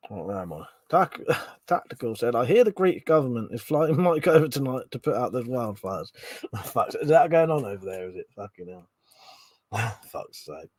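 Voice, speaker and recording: A man's voice: medium pitch, sing-song, normal speed, no room sound. A middle-aged man hosting a casual live stream, swearing freely, laughing often and chatting about viewers' comments.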